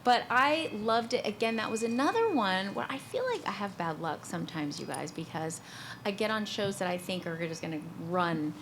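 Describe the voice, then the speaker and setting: A woman's voice: mid-range voice, expressive, moderate pace, background noise. A middle-aged woman from Georgia, chatting on a convention panel in an enthusiastic, self-deprecating way. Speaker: guest actor on a convention panel. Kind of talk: casual panel chat.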